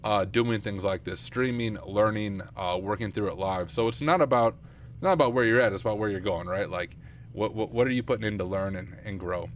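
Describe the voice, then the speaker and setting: Late at night in his home computer room, a young streamer and penetration tester chats casually with live-stream viewers while working, thinking aloud and poking fun at his own mistakes. His fairly low voice, fairly quick, is going rough from too much streaming. His desk mic picks up faint keyboard typing and a little hiss or hum.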